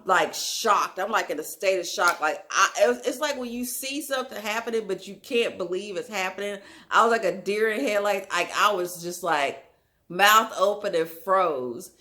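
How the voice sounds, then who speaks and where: A young woman telling a wild story in a casual storytime vlog, animated and full of filler words. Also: mid-range voice. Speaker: storyteller, channel host.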